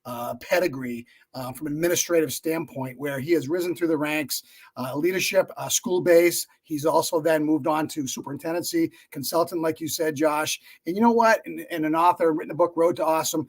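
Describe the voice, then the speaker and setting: Chatty middle-aged man, higher voice. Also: fairly quick. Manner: friendly, chatty, with frequent fillers. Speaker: podcast co-host. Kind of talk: casual live-stream chat.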